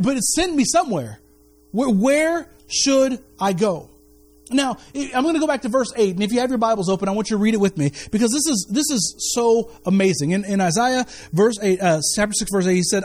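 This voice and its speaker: A man with a high voice preaches a sermon to his church. He reads scripture aloud, leads the room in prayer and often repeats his words for emphasis. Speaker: pastor.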